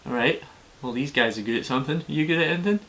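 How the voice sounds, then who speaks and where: A man voicing a bold, easygoing Celtic warrior chief in a fireside story. He sounds breezy and matter-of-fact, sizing people up in a casual, friendly way. His pitch sits a little above the storyteller's plain voice. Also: racing, fairly bright tone, a little hiss or hum, lightly acted.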